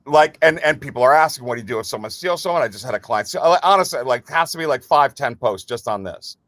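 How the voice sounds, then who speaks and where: Chatty podcast host, dry sound. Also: male voice, medium pitch, expressive, fast, a bit bright, no echo. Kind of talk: casual podcast chat.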